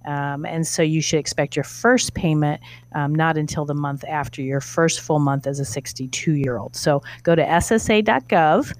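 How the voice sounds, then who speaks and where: Low-voiced female financial advisor. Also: moderate pace. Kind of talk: answering a listener question.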